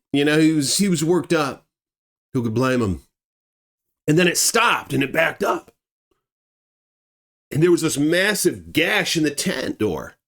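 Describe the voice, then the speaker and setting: A man telling a true story in a casual, animated way, swearing and acting out the scenes. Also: fairly high pitch.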